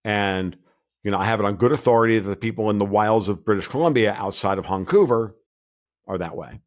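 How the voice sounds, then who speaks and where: A man's voice: on the low side, a little fast. A man talking as a guest in a casual podcast interview, blunt and rambling, often restarting his sentences. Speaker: guest commentator.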